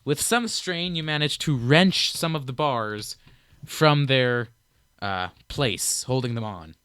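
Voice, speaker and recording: A young man narrating and explaining rules as game master of a tabletop game, relaxed and playful. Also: medium pitch, takes it slowly, clean tone, no room sound, studio quality.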